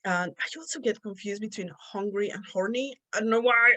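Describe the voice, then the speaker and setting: A woman's voice: medium pitch, expressive, normal speed, bright, forceful tone, low-quality recording. Giggly Spanish-accented woman. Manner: chatty, laughs often while telling stories. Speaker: podcast host. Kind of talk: casual solo podcast chat.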